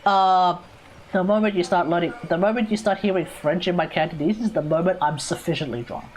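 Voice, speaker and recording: A woman's voice: on the low side, fairly even intonation, brisk, a little mellow, slight background noise. An Australian woman streaming games, chatting casually and rambling, often correcting herself. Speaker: gaming streamer. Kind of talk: casual live stream chat. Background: background music.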